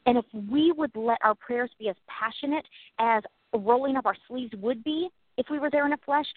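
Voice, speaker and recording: Earnest high-voiced woman on a tinny line. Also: no room sound. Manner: earnest, encouraging, laughs often. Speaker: podcast co-host. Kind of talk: casual faith talk. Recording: tinny phone-like, dry.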